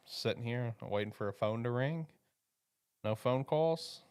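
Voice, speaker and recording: A man's voice: mid-range voice, measured pace, darkish tone, clean tone, no echo, studio quality. A man hosting a mock draft with playful banter and frequent laughter. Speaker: host running a mock draft. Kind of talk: casual joking chat.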